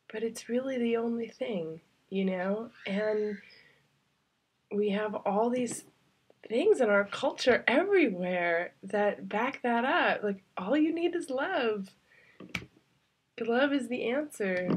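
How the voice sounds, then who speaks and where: In a medium-pitched voice with a breathy edge, a travel vlogger confides a personal story to the camera. She's heartfelt and rambling, using many fillers, and her voice sometimes falls to a near-whisper.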